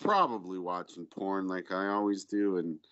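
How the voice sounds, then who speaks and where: A man's voice: low voice, normal speed, fairly bright tone. A man co-hosting a casual podcast, telling a crude story in a rambling, profane way. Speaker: podcast co-host. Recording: dull lo-fi audio.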